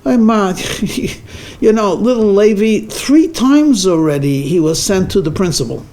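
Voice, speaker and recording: A man's voice: high-pitched, unhurried, dark tone. A rabbi voicing an anxious, pleading grown daughter during a joke in his lecture. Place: synagogue lecture room.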